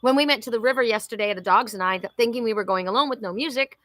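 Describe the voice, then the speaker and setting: A woman's voice: a little high, very fast, a bit bright, no echo. A woman in her sixties hosting a live oracle reading, chatting effusively and talking to viewers by name. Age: 60s. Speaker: host.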